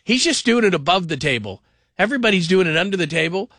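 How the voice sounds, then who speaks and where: A man hosting call-in sports radio, rambling and animated, sometimes mimicking people in funny voices. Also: high voice, fast talker, no echo, clean studio sound.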